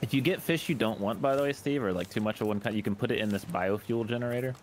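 A man's voice: on the low side, quick pace. A man chatting casually while gaming with friends, goofy and explaining things, sometimes scat-singing. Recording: noisy voice chat.

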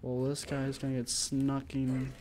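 A let's play gamer giving casual commentary, reacting with excitable, jumpy outbursts and swearing, and talking to themself and the game character. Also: mid-range voice, unhurried, background noise.

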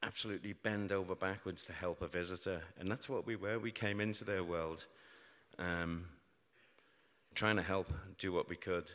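Before an audience in a large hall, a middle-aged British storyteller tells a true story, treating grim events with wry, self-mocking humour. He speaks British English at normal speed in a low, slightly bright voice with fairly even intonation. The live hall adds long reverb to the recording.

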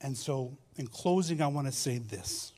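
A man preaching a sermon as pastor, telling stories with repeated phrases and swinging between loud and soft delivery. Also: mid-range voice, animated, measured pace. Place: church sanctuary.

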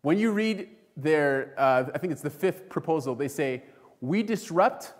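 In a church sanctuary with long hall reverb, a pastor preaches a sermon in a slightly high, animated voice at normal speed. He tells a story, acts out the voices of its characters, and addresses the congregation as friends.

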